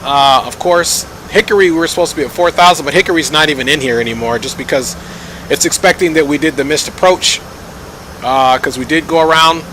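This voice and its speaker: A man's voice: on the high side, brisk, bright, forceful tone, a little hiss or hum, poor audio. A man giving chatty live commentary while streaming a flight simulator, joking and thanking viewers as he goes.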